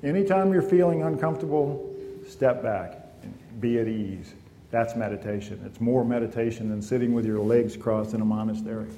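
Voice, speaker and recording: Calm warm-voiced man teaching meditation. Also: medium pitch, moderate pace, a little hiss or hum. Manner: calm, conversational, frequent "you know". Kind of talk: informal spoken talk to a class. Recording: echoey hall with long reverb.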